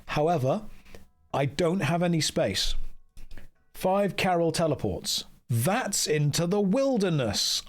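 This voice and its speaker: A man's voice: mid-range voice, slightly rough. A man streaming a video game, chatting casually and joking at his own expense. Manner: chatty, self-mocking, jokey. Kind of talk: casual live-stream commentary.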